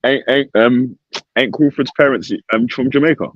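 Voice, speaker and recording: A man, co-hosting a podcast in casual banter, laughing often and talking in very expressive slang. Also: mid-range voice, moderate pace, breathy edge, no echo. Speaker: podcast co-host. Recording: dull lo-fi audio with faint hiss.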